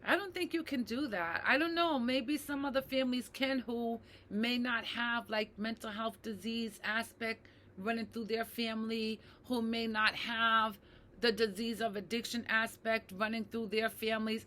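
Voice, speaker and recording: A woman talking earnestly to her viewers, reflective and slow to repeat key phrases, often checking in with "right?" and addressing them as "you guys". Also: a little high, sharp tone, a little hiss or hum. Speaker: mental health advocate. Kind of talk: personal talk to camera.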